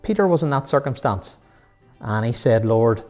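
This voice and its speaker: A man's voice: medium pitch, big pitch swings, moderate pace, a little mellow, faint music behind. Earnest man teaching Sunday school. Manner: earnest, asks many rhetorical questions. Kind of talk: children's Bible lesson.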